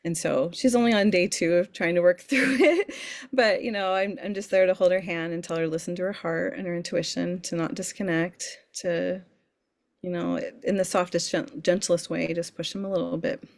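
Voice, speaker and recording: Casting: woman, sleep-coach guest, lowish voice, earnest and emphatic. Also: steady tone, moderate pace. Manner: earnest, emphatic, repeats words while thinking. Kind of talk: podcast interview.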